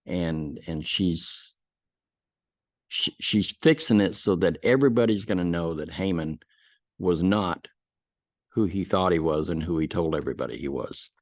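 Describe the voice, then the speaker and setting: A man's voice: low-pitched, a little slow, no echo, clean studio sound. Folksy man teaching a Bible lesson. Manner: folksy storytelling with restarts.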